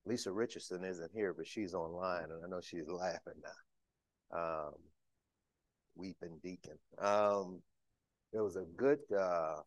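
A man's voice: sits low, measured pace, dry recording. A middle-aged man, a church deacon, giving a sermon in a folksy, conversational and emotional way. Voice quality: emotional, tearful.

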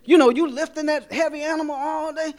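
A middle-aged man preaching a sermon as pastor, folksy and joking with the congregation, fervent and at times shouting. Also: very high voice, fairly even intonation, a little fast.

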